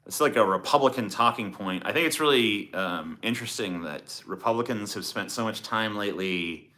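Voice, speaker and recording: A man's voice: on the low side, normal speed, bright, forceful tone. A man streaming live, chatting in a profane, sarcastic, rambling way as he answers his chat. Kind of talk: casual livestream chat.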